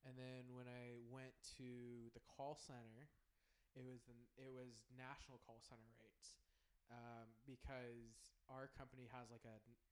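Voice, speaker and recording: A man's voice: medium pitch, level tone, a little slow. A man hosting a podcast, telling rambling stories in casual chat and laughing often. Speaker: podcast host.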